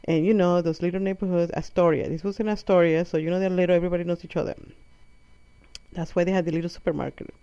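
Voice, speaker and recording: Speaking fast in a lowish, dark, clear and resonant voice with fairly even intonation, a woman with a non-native English accent delivers a comic monologue. She rambles, corrects herself, and acts out what her mother said. There's no room sound, though the lo-fi audio is muffled.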